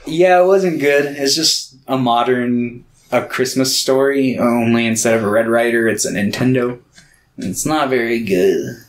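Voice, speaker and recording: A man's voice: medium pitch, unhurried. Rambling casual male podcast host. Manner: rambling, filler-heavy, swears casually. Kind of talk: casual chat.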